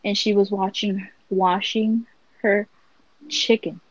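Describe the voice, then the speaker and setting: A woman co-hosting a podcast, telling stories in a blunt, profane, animated way. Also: medium pitch, slow pace, dry recording, highs cut off. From Latina. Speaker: podcast co-host. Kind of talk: casual chat.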